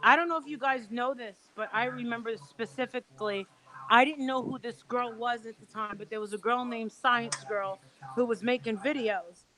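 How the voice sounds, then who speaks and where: High-voiced woman telling a rambling story. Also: normal speed, bright, forceful tone, rough recording. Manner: rambling, acts out quoted dialogue. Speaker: guest recounting events. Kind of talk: casual storytelling on a call. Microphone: video call.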